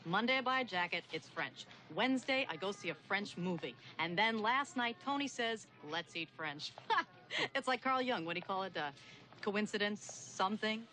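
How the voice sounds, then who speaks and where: A woman's voice: mid-range voice, lively intonation, normal speed, bright, forceful tone. An actress playing a flirty New York socialite woman who talks in a chatty, gushing, rambling way. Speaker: acquaintance who bumps into a friend while shopping. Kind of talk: 1990 film romantic comedy acting.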